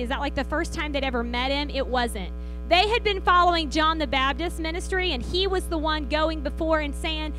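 Woman pastor, very high bright voice, lively sermon storytelling, faint music behind. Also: low-quality recording. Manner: storytelling with acted-out quotes. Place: church sanctuary.

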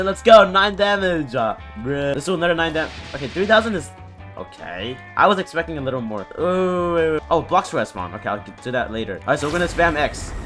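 A young man talks through a video game in a loose, excitable way, repeating himself and reacting out loud. His voice sits a little high for a man. Faint game music runs underneath. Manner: excitable, exclaims and repeats words, quick reactions. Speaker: gaming YouTuber. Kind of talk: casual gameplay commentary.

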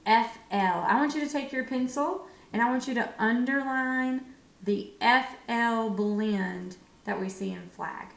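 Slow, encouraging woman teacher in echoey room. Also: a little high, vocal fry. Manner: slow, encouraging, sounds words out with pauses. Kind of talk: phonics lesson for young children.

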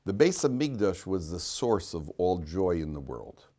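A man's voice: low voice, very animated, measured pace, mellow. A man teaching a class as a rabbi, talking informally, questioning students and cracking jokes, with frequent restarts.

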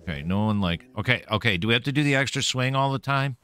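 A man's voice: medium pitch, animated, fast talker, pushed and bright, slight background noise. A man streaming a video game, playfully talking to himself and taunting the enemies he meets, a little caffeinated. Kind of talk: let's-play gameplay commentary.

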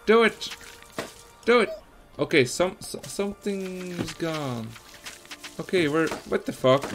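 A young Belgian man with Dutch as his first language, giving excitable, swear-heavy let's-play commentary with lots of laughing. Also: sits high, slow, soft background music. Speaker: gaming streamer.

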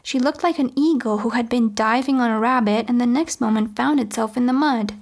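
A woman reading a novel aloud as an audiobook, in measured first-person storytelling. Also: fairly high pitch. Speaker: audiobook reader. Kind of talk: audiobook narration.

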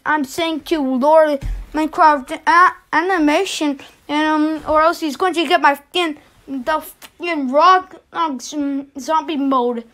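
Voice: sits high, fairly bright tone. A reaction video host giving casual commentary, stammering and swearing in exasperation.

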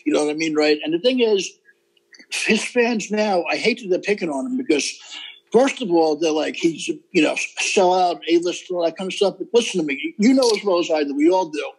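A man's voice: fairly high pitch, animated, brisk, slight background noise, low-quality recording. A middle-aged man, a comedian guest, talking emphatically and rambling in a casual interview, often seeking agreement.

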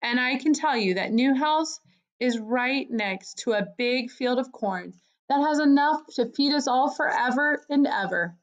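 A woman's voice: high-pitched, expressive, unhurried, voice pushed up. A woman voicing a brave, earnest young female mouse in a storybook, solemn and earnest, on a dull lo-fi recording.

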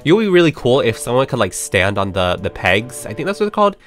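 An excitable young man walks through a game update, gasping and squealing constantly. His voice swings widely in pitch and sits at an ordinary middle height. Faint music plays under his talk. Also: fast. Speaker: gaming YouTuber.

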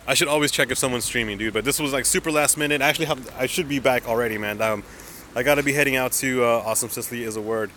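A man's voice: mid-range voice, racing, sharp tone, slight background noise. A young man live-streaming a mobile game outdoors on a city street, chatting to viewers in a hyped, slangy way and calling everyone dude and man.

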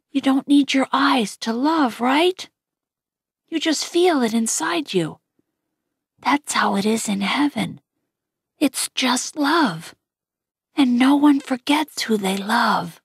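A woman's voice: high-pitched, animated, slow pace, creaky, long pauses, husky, no echo, studio quality, heavily acted. A woman voicing a tired, tender mother who soothes her son in a whisper.

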